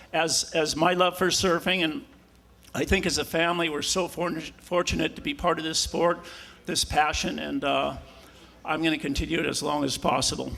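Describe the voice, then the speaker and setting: Gravelly, high-voiced man giving a rambling speech. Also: sharp tone. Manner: rambling, anecdotal, with many fillers and restarts. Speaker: honoree giving an acceptance speech. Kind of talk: informal ceremony speech.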